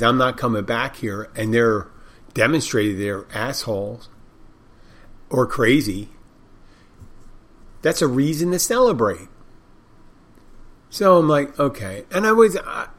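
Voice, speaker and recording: An older man who tends bar tells a story from work in a loose, rambling way. He restarts his sentences often, and his talk is frank and salty. His voice sits at an ordinary pitch for a man. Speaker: bartender. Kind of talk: casual storytelling monologue.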